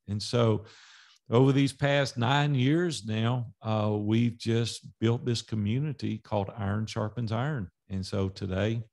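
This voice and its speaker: A middle-aged man from Nashville, Tennessee, with a lowish, creaky voice, appears as a podcast guest in a casual interview. He tells stories animatedly, acting out their dialogue.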